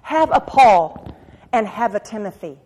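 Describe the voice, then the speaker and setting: A middle-aged woman preaching to women, moving from soft confiding asides to urgent exhortation. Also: mid-range voice, sing-song, a little slow, a little hiss or hum. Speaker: women's Bible teacher. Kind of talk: sermon. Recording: long hall reverb.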